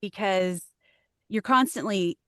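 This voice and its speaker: A woman voice actress, a podcast guest, answering in a thoughtful, hesitant way with many pauses and ums. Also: medium pitch, fairly bright tone, no echo, studio quality. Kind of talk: podcast interview.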